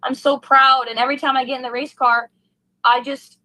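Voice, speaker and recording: A woman's voice: high-pitched, flat delivery, brisk, bright, forceful tone, dry recording, poor audio. A young woman race driver in an emotional post-race interview, gushing and heartfelt, rambling with fillers.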